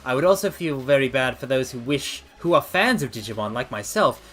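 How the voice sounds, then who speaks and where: A man streaming casual chat, theatrical and animated, calling his viewers mortals, a little out of breath. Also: mid-range voice, a little fast, slight background noise. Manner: animated, swings between loud outbursts and mock apologies. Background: faint background music.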